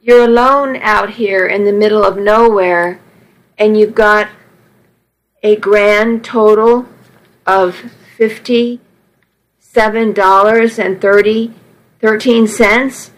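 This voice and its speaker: A woman's voice: mid-range voice, fairly even intonation, slow pace, pauses often, lightly acted, rough recording. A woman voicing a blunt, exasperated trucker. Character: weary, gruff male trucker, soft-hearted.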